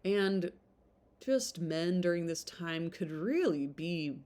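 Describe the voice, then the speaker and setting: Chatty woman with a low voice. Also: lively intonation, slow, a little mellow. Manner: rambling, lots of "like" fillers and restarts. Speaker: book vlogger. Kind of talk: casual chat about a novel.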